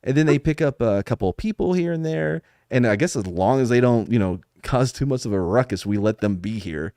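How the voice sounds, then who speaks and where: A man's voice: medium pitch, expressive, a little fast, mellow, dry recording, clean studio sound. A man co-hosting a podcast, chatting casually and joking, laughing often as he tells stories. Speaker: podcast co-host. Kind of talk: casual chat.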